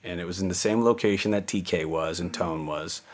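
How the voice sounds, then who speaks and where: A man's voice: low voice, fairly quick. An older man casually telling a story from his own past, rambling a little, with fillers and restarts. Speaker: interviewee recalling his music-business career.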